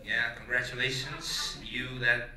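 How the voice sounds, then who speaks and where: A man from Brazil with a Brazilian Portuguese accent, emceeing a stand-up show in English, loud and brash, swearing freely and quizzing the audience. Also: medium pitch, steady tone, a little slow, a crowd in the background. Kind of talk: stand-up crowd work. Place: theater stage with live audience. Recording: echoey theater, mic at a distance, audience audible.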